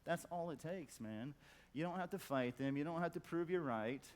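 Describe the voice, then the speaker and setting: A middle-aged man giving a profane conference talk, blunt and emphatic, stacking repeated words for effect. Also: normal speed. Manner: acts out quoted voices in a loud high squawk. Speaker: conference speaker. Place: conference hall.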